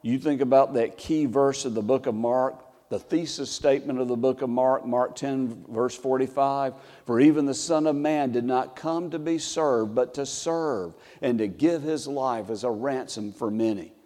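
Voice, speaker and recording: A man preaches in a church sanctuary, his mellow voice carried by a long reverberant tail. He lifts his volume when reading scripture and drops low and soft to press a point home. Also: moderate pace, hardly any pauses. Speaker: pastor. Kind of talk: sermon.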